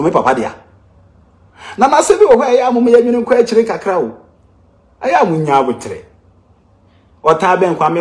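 A Ghanaian-accented man speaking as a teacher airing a grievance. His voice sits a little high for a man and swings widely in pitch, pressing his points with repeated rhetorical questions. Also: darkish tone. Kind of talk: impassioned complaint to camera.

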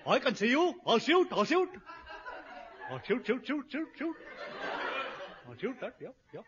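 An actor playing a dim-witted, goofy young soldier on guard, in 1950s radio comedy style. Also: male voice, very high-pitched, huge pitch swings, measured pace, heavily acted. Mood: nervous. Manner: dopey, goofy, rambling. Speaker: guard character. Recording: old lo-fi radio recording with hiss.

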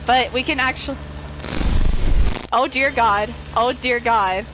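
A woman giving live gaming commentary while playing with friends, excitable and panicky, laughing often. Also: fairly high pitch, takes it slowly, background noise. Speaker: gamer streaming with friends.

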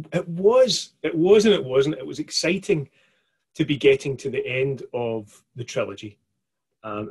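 Husky man reading a children's story. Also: medium pitch. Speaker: children's author. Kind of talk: reading aloud and interview answers. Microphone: video call.

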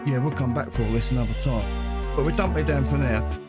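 A man's voice: medium pitch, fairly quick, loud music behind the voice. Chatty man narrating a game. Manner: chatty, joking, muttering to himself. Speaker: gaming channel host. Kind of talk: let's play commentary.

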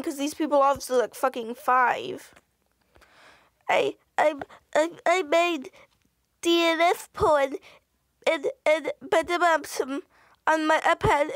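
A woman with a high voice reads posts aloud and reacts with sarcastic, exasperated remarks, often swearing. Her voice has a gravelly, fry-laden edge. The recording is dry and close, with no room echo. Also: unhurried. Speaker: commentator reading online posts. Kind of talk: reaction commentary.

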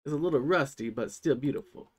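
A man's voice: medium pitch, quick pace, husky, lightly acted. A man voicing a polite, formal male museum curator with a put-on accent. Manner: put-on accent, courteous and fussy.

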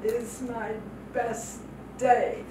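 An older woman preaching a testimony in an unhurried, emotional way, her voice sitting a little high. She sounds distant from the mic in an echoey hall, with noticeable background noise. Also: little pitch movement, warm tone. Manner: heartfelt and emotional, repeats phrases for emphasis. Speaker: guest speaker, missionary. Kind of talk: testimony sermon. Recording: echoey hall from far off, noisy.

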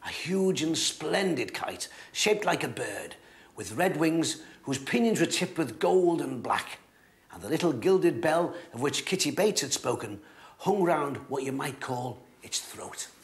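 A man reads a storybook aloud, expressive and measured, his pitch swinging widely from line to line. The voice is on the high side for a man and carries a husky grain. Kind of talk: storybook reading.

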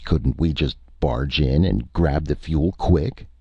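A man voicing a gruff, blunt male spaceman who grumbles, recorded dry and slightly muffled. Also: extremely low pitch, slow, dark tone, no room sound, heavily acted. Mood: pleading.

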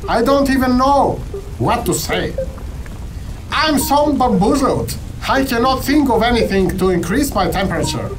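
High-voiced playful male gamer. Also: animated, a little slow, background noise. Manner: playful, dramatic, jokey. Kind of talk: playful game commentary. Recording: game music behind the voice.

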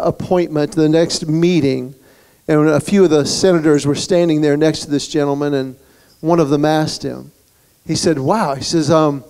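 A man giving a humorous motivational speech, telling stories in an animated way to a luncheon crowd in a banquet hall. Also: on the high side, vocal fry. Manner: storytelling, animated. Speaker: guest speaker.

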